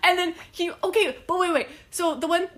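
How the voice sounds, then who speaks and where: A woman in casual book chat with friends, gushing and excitable, swearing freely. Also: extremely high pitch, a little fast, crowd noise.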